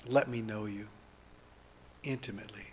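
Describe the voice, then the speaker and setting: A man preaching and leading the listeners in an earnest spoken prayer, moving between hushed lines and fervent ones. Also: fairly low pitch, steady tone, normal speed, in a large hall, a little hiss or hum. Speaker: pastor.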